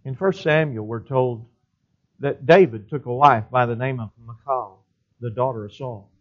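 A man's voice: medium pitch, normal speed, muffled recording. A man preaching a sermon and reading scripture aloud in an old-fashioned cadence.

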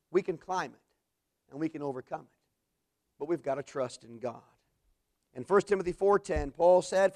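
High-voiced preacher, emphatic bursts. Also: male voice. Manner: preaching with rising emphatic bursts and soft low endings. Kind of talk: sermon.

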